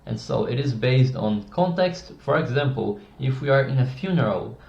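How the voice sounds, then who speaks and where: A man presenting a casual lesson on communication, often dropping his voice lower and softer to demonstrate tones. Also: animated, normal speed, creaky, few pauses. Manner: demonstrates tones, drops voice low and soft for examples. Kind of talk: casual explanatory video lesson. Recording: echoey room, dull lo-fi sound.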